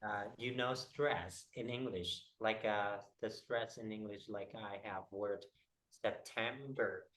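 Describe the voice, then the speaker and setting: Slow, halting male English teacher. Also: on the low side, fairly even intonation, fairly bright tone, poor audio. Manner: halting, explains slowly with many fillers. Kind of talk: one-on-one pronunciation lesson.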